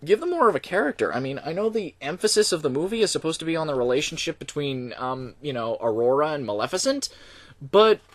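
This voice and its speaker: A man's voice: a little high, fast talker, no echo. A young man giving a casual spoken movie review, opinionated and hesitant, full of ums and restarts. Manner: opinionated, lively complaining. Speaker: film reviewer.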